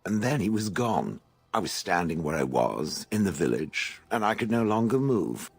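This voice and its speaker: Haughty male stone golem, video game character, posh, very deep, husky, lively pitch. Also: normal speed, heavily acted. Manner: posh, refers to others as "it". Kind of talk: voiced game dialogue.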